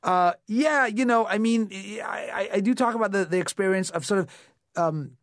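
A man's voice: sits high, normal speed, a bit bright, dry recording, studio quality. A man, an actor, talking casually in an interview and telling stories in a reflective way, with frequent fillers and restarts. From United States. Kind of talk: conversational interview storytelling.

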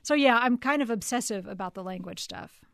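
A woman's voice: fairly high pitch, a little fast, vocal fry, fairly bright tone, dry recording, studio quality. A woman novelist from Texas chatting animatedly in an interview, laughing easily and restarting her sentences. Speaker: novelist guest. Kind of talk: casual interview chat.

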